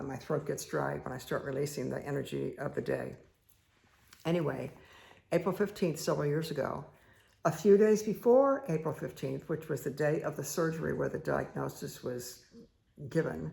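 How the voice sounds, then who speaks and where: Woman meditation host, heavy vocal fry, chatty storyteller who rambles with lots of fillers. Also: sits low. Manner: rambling, many fillers and asides. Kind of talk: casual personal storytelling.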